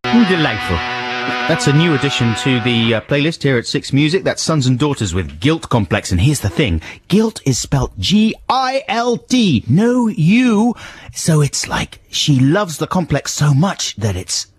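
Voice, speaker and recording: A man's voice: mid-range voice, sing-song, moderate pace, husky, no room sound, faint music behind. A man co-hosting a radio show, chatting in a rambling, giggly way. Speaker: radio host. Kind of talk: casual radio banter.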